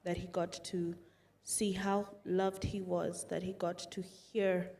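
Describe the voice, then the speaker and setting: A woman giving a formal tribute at her father's funeral, composed and measured. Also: fairly low pitch, little pitch movement, creaky, dark tone. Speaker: eulogy speaker, daughter of the deceased.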